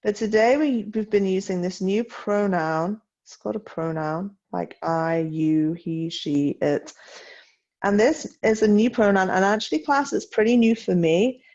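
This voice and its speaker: A woman teacher records a lesson for her class at home. She speaks at an unhurried pace, pronouncing each French word with care. The audio is a little dull and lo-fi. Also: medium pitch, a little mellow. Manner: slow, carefully enunciated French read-along, brisker English instructions.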